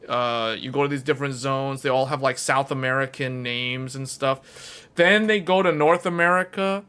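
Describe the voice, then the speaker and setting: A man streaming to his viewers, chatting casually in a rambling, animated way and laughing often. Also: medium pitch, moderate pace, clear, resonant tone.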